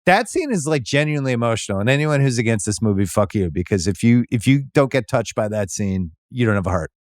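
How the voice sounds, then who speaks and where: A man's voice: medium pitch, lively intonation, fast talker, dry recording, studio quality. A man hosting a podcast, walking eagerly through film scenes in casual chat. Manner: enthusiastic, recaps scenes with quoted lines. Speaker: podcast host.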